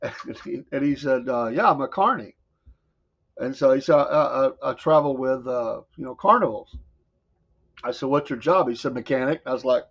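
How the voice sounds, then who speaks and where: A man's voice: medium pitch, highs cut off. A man with a Southern US accent hosting a morning talk show, delivering an emphatic, combative monologue and laughing at his own jokes.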